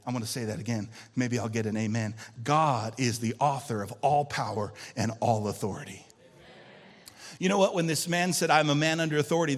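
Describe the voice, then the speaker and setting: A male pastor preaching a sermon to his church, shifting between loud emphatic lines and quiet intense ones and calling out for amens. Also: medium pitch, long reverb tail. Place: church sanctuary.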